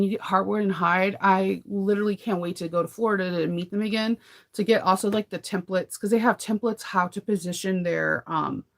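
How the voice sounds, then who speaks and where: Woman host, casual live-stream chatter, rambling, giggly. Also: mid-range voice. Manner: rambling, chatty, laughs often. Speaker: sewing channel host. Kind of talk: casual live chat with viewers.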